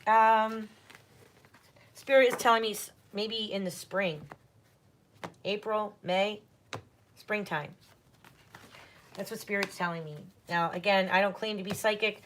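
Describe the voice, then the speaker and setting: A woman's voice: medium pitch, pushed and bright, slight background noise. Chatty woman reading tarot on a livestream. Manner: chatty, reassuring, talks straight to viewers. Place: home.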